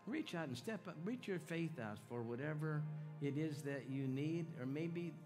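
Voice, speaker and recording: In a church sanctuary with worship music in the background, an evangelist heading a healing meeting preaches in a folksy, rousing way, calling to the crowd and getting responses. He speaks at normal speed in a fairly high, expressive voice.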